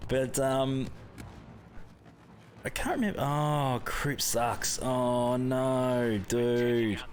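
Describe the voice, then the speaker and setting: Running a live gaming stream, a young Australian man with a voice on the high side chats casually with his viewers, calling out their names and laughing a lot.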